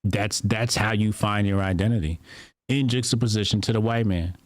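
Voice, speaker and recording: A man co-hosting a podcast, talking in a casual, animated, mocking way and often mimicking other people. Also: on the low side, normal speed, no echo, studio quality. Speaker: podcast co-host.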